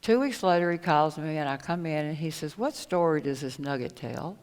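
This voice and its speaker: Low-voiced woman telling her story in a hall. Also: a little mellow, clean tone. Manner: earnest, halting, retells conversations. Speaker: conference speaker. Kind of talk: personal storytelling talk. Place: conference hall. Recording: echoey hall with long reverb.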